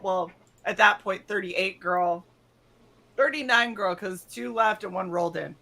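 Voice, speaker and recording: A woman's voice: medium pitch, measured pace, vocal fry, bright, forceful tone. A young woman co-hosting a casual stream, animatedly telling stories, swearing freely and acting out quotes. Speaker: stream co-host. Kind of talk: casual storytelling chat.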